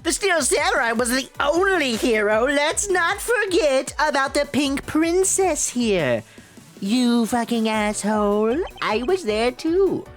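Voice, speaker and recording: A man voicing a brash, shrill old woman who scolds and swears, over faint game music. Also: big pitch swings, slow, a bit bright, full character voice.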